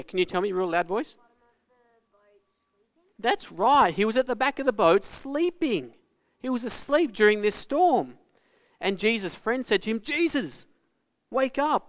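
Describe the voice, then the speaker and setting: A man delivers a children's sermon in a slightly high voice, recorded very dry and close. He tells the story in an animated way and keeps turning to the kids with questions. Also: dry recording. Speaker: pastor.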